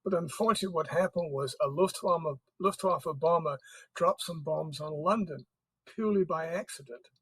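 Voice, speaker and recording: A man's voice: a little high, moderate pace, fairly bright tone, husky, low-quality recording. A man, an author guest in an interview, explaining history in a storytelling way. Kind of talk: interview conversation.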